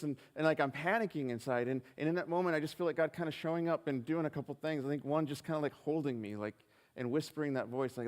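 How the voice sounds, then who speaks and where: Speaking briskly in a voice on the high side, a pastor earnestly shares a personal story during a sermon. He acts out the dialogue while hesitantly restarting, and the live stream carries the reverberant sound of the church hall.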